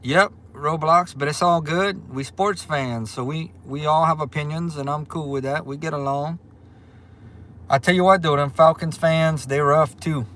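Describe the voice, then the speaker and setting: Reading out viewer comments with a relaxed drawl, a livestream host from Louisiana chats casually in his Southern accent. His voice is a little high and his pace moderate.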